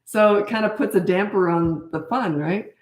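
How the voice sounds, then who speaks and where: A woman's voice: medium pitch, normal speed, darkish tone, reverberant. An older woman and parenting coach from Canada, chatting casually and bluntly in a live Q&A, laughing often and losing her thread.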